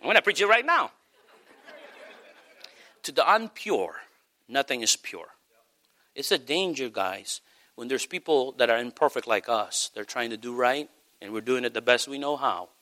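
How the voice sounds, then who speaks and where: Male pastor, sermon. Bright, tense tone, lively swooping delivery, emphatic with quiet asides. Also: mid-range voice, fairly quick. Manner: animated, emphatic preaching with sudden shouts and soft asides.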